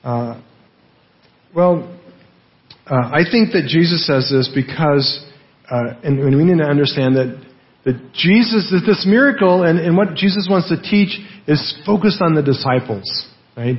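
A man preaching a sermon in an easy, conversational manner, his voice sitting a little high for a man. He keeps asking the listeners rhetorical questions and checking in with them. The audio sounds dull and lo-fi. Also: lively intonation, a little slow. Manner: conversational, with frequent "right?" tags and rhetorical questions. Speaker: pastor.

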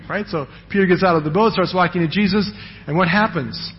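A man's voice: high-pitched, fast, highs cut off. A man preaching a sermon in a conversational way, often checking in with "right?" as he retells Bible stories. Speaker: pastor.

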